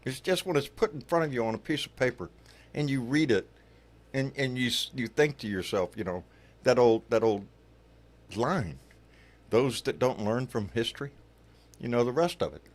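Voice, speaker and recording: A man's voice: medium pitch, lively intonation, moderate pace, long pauses. A man hosting a casual livestream, loose and profane, calling his viewers baby. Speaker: livestream host.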